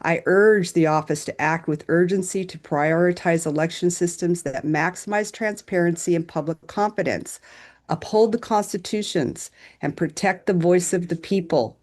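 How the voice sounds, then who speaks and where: A woman's voice: lowish voice, normal speed, darkish tone. Woman reading a firm, formal statement. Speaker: public testifier.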